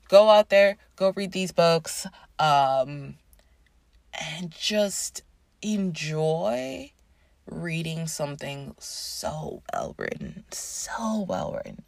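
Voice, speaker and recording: Woman book reviewer, low gravelly voice, dry close sound, rambling and gushing. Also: no echo. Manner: gushing and rambling, many fillers. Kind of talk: casual book review with a read-aloud passage.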